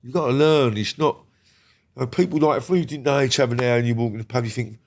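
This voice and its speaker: This British man talks fast in a medium-pitched voice as a guest reliving his criminal days. His casual, rambling storytelling is blunt and peppered with swear words, and he regularly checks that his listener is with him.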